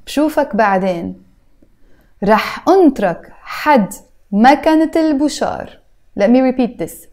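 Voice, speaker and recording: Lebanese-accented woman, language teacher, mellow tone, patient and deliberate, exaggerates pronunciations for learners. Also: fairly high pitch. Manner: slow, careful explanations with exaggerated model pronunciations. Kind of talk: spoken language lesson.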